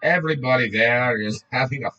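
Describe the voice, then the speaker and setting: A man's voice: mid-range voice, a little fast, pushed and bright, dull audio. A man reading a book aloud in a casual way, often breaking off to joke, swear and laugh.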